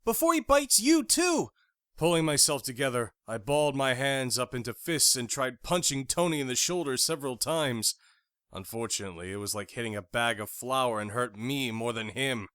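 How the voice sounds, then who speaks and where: A man narrating a thriller audiobook in the first person, with expressive storytelling. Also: mid-range voice, no room sound, clean studio sound.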